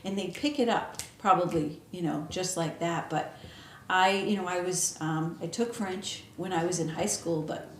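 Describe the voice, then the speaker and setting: Low-voiced woman interviewer in an echoey room. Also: moderate pace. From United States. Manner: chatty, many fillers and restarts. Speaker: interview host, library staff. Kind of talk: casual conversational interview. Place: library room. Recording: echoey room, faint noise.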